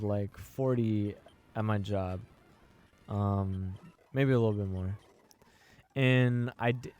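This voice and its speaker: A man's voice: mid-range voice, a little mellow. A young man talking casually on a podcast, rambling and full of fillers and restarts. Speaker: podcast host. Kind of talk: casual chat.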